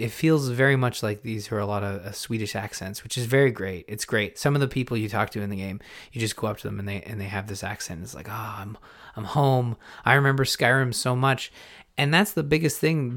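A man hosting a gaming podcast in a casual, rambling way, often stopping himself mid-thought and getting excited. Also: lowish voice. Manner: rambling, self-interrupting, excitable. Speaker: podcast host. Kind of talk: casual chat.

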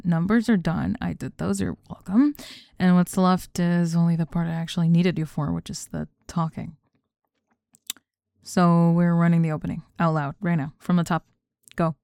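A controlling student who runs the group project and won't let anything slide, as a young woman acts her out in a role-play monologue. Her voice sits low and mellow, with a dry, close sound and no room around it. She talks in clipped, sarcastic, exacting turns. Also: no room sound, natural voice. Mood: impatient. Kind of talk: scripted one-sided role-play monologue.

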